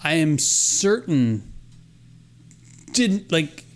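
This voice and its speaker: Animated man ranting on a podcast. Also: on the high side, very slow. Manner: animated storyteller, mock-exasperated rants. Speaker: podcast co-host. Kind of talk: casual chat. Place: Florida.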